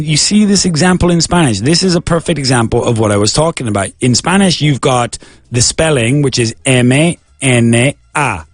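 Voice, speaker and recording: A man's voice: mid-range voice, no echo. Man teaching English pronunciation on radio. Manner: patient, explains slowly, spells words letter by letter. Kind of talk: radio language lesson.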